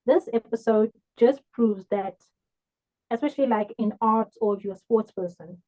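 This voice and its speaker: A woman's voice: on the high side, normal speed, dark tone. A woman co-hosting a podcast, chatting casually and giving reflective advice. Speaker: podcast co-host. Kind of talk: casual recap chat. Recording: phone-like narrow sound.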